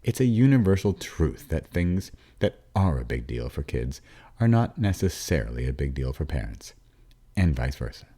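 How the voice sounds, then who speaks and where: Man, extremely low voice, audiobook narrator, wry storyteller, sometimes whispers. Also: big pitch swings, normal speed, husky. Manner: warm storytelling with dry asides. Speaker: narrator and father.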